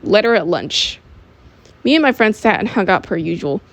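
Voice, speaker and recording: A young woman narrating her own story as an amateur audiobook, her voice rising and falling in a lively, animated way. She stumbles now and then and goes back to fix her words mid-sentence. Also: medium pitch, normal speed. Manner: animated, with restarts and self-corrections while reading.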